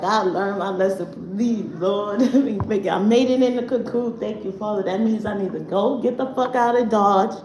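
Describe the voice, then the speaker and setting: Brief: woman livestream host, loose, swearing, animated, roomy echo, faint hiss. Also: medium pitch. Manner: animated, profane, laughing often. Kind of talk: casual spiritual livestream talk. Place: home. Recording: echoey room, faint background noise.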